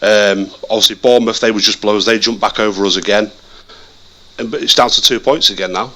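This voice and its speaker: Bright-voiced man, animated. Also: fairly low pitch, fast talker, a little hiss or hum. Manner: animated, repeats words and restarts often. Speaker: podcast co-host, Leeds fan. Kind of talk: casual football chat.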